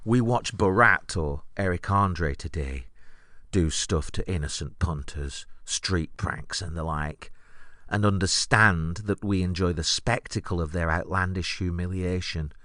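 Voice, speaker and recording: Wry deep-voiced man telling a story. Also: unhurried, no room sound, studio quality. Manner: wry, deadpan recollection. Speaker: podcast host. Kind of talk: comic storytelling monologue.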